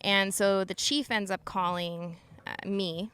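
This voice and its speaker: Her pitch is mid-range and her intonation fairly even as she goes slowly through a tense story, filling it with frequent "like." She's a Utah woman in her thirties, formerly an emergency dispatcher, speaking earnestly as a podcast guest. The voice comes across bright, forceful and clean.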